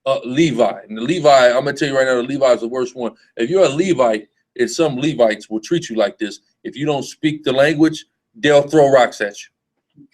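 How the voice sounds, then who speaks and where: A man's voice: medium pitch, normal speed, darkish tone, rough recording. A man teaching in a loose, emphatic preaching style, often stopping to ask whether his listeners follow him. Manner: emphatic, repetitive, asks "you see what I'm saying?". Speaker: street preacher teaching a group. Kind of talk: informal religious teaching.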